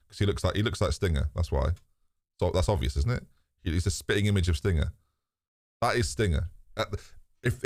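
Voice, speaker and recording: Animated man streaming a game. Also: on the low side, dry recording, studio quality. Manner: animated, talks to chat, swears casually. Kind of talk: live gameplay commentary.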